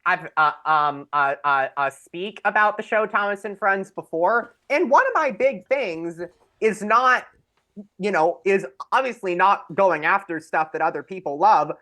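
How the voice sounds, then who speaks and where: A man co-hosting a casual podcast, speaking emphatically with a deliberate, mock-solemn manner. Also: high-pitched, expressive, bright, forceful tone. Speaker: podcast co-host. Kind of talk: casual chat.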